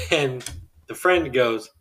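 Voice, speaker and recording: A young adult man casually telling a story from his job on a podcast, animated and acting out the people in it. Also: mid-range voice, moderate pace, far from the mic, low-quality recording. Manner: animated, acts out quoted people with a raised voice. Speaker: podcast host.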